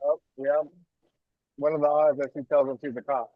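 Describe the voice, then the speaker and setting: A man co-hosting a reaction video, chatting casually with relaxed, slangy banter. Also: a little high, normal speed, dry recording, phone-quality sound.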